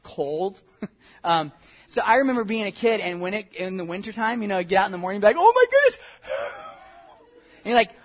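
Married pastor, high-pitched and husky voice, lively conversational sermon with asides. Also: male voice, fast. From Southern California. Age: adult, married with a wife. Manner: animated, conversational preaching with many asides and audience questions. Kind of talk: expository sermon.

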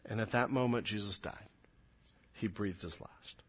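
A man's voice: fairly low pitch, a little slow, breathy edge. A pastor preaching a sermon to his congregation. He is earnest and emphatic, and he repeats words as he builds his points.

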